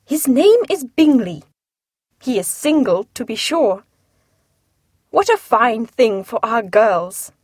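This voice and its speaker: A woman reading aloud and putting on the voice of an excitable, fretful middle-aged mother, high and emphatic. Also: takes it slowly, pauses often, slightly rough, no echo, studio quality, exaggerated voice. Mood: excited.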